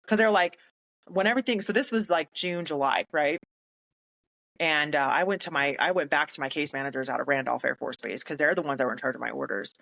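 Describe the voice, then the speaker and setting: Speaking with a low pitch, vocal fry, and a somewhat bright tone over poor audio, a young military veteran shares her personal story in an interview. Emotional and candid, she quickly retells and acts out the words others said to her.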